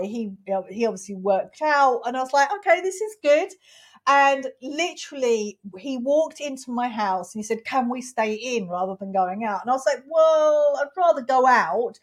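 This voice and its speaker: A woman in her fifties from England telling a frank personal story, expressive and outspoken, acting out quoted exchanges. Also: fairly high pitch. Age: 50s. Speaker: podcast host.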